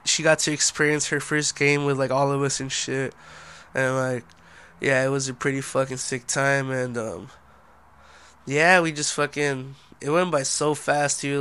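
A young man hosts a casual solo podcast, laid-back, a little tipsy and sluggish, swearing constantly and saying "dude" a lot. His voice is slightly high, fairly bright, and smooth.

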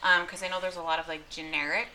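Lower-voiced woman podcaster, bright tone, chatty, a little faint noise behind. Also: flat delivery, fast talker, rough recording. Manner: chatty, swears casually, trails off and restarts. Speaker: podcast host. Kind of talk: casual chat.

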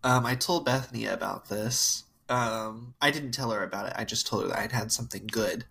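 A woman with a very low, husky voice tells a story on a casual podcast. She is wry and amused and drifts into drawn-out asides, speaking in an easy, chatty way. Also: fairly bright tone. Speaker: podcast co-host. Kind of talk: casual chat, telling a family story.

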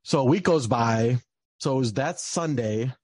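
A man's voice: mid-range voice, measured pace, darkish tone, no room sound. A young man telling a personal story in a casual, rambling way, with lots of fillers and bursts of frustration. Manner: rambling, many fillers, gets heated and swears.

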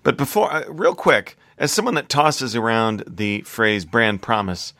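A man's voice: medium pitch, very animated, unhurried, bright, forceful tone, dry recording, studio quality. A male podcast host who asks long, rambling questions full of fillers and jokes. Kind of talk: casual podcast conversation.

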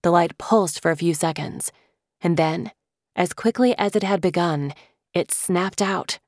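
A woman with a lowish voice reads a middle-grade fantasy aloud in a measured, vivid way. The recording is dry and close, with no room sound at all. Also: no echo. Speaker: audiobook narrator. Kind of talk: scripted narration.

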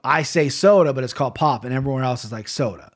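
A man's voice: medium pitch, fast talker. A man from Ohio hosting a betting podcast, talking casually, rambling, swearing and often correcting himself. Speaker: podcast host picking fight bets.

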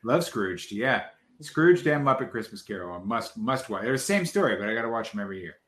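A man co-hosting a casual chat podcast, animated and joking. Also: lowish voice, fairly quick, echoey room. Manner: animated, does comic impressions. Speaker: podcast co-host.

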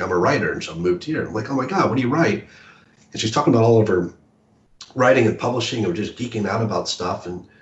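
A male author talking casually as an interview guest, halting with many restarts and fillers. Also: low voice. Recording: echoey room, dull lo-fi audio.

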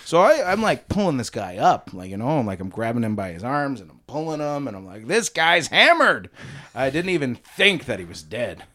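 A man plays a blustery, simple-minded husband in an improvised comedy interview. His bright, forceful voice rises and falls widely while he rambles defensively and laughs between his excuses. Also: mid-range voice, sing-song, moderate pace. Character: simple-minded beer-selling suburban husband.

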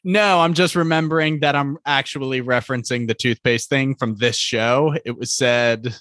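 Bright-voiced man in a casual recap. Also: medium pitch, steady tone, normal speed, no room sound, studio quality. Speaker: podcast co-host.

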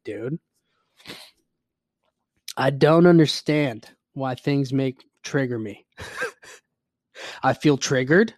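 A man's voice: mid-range voice, slow pace, long pauses, no echo, clean studio sound. A man hosting his own show, rambling in a casual solo rant, swearing freely and mocking his own grumpiness. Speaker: podcast host.

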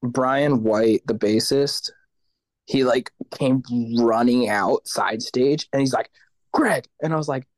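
A man's voice: mid-range voice, slow pace, dry recording. A man, a guest vocalist in a casual interview, telling stories animatedly, acting out the voices of others and swearing casually.

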